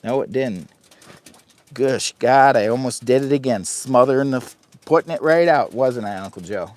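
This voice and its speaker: A man's voice: mid-range voice, normal speed. Chatty man rambling on a live stream. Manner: rambling, chatty, laughs often at himself. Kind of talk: casual live-stream chat. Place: heated tent at a winter campsite at night.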